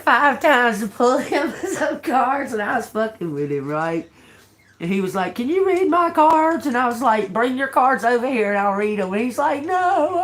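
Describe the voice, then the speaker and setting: An older woman with a drawl chats on her livestream, laughing and giggling through nearly every sentence and swearing freely. Her voice sits fairly high for a woman, and she takes her time with each word. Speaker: tarot reader livestream host. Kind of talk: casual livestream chat.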